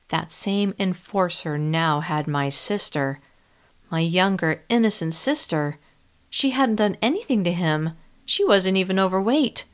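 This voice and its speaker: A woman narrating a first-person audiobook in an expressive, tense storytelling manner. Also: lowish voice.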